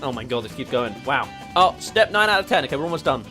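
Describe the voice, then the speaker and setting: A man's voice: mid-range voice, sing-song, quick pace, bright, forceful tone, faint music behind. A young English man streaming as a VTuber, chatting casually and laughing as he reads quiz questions aloud. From England.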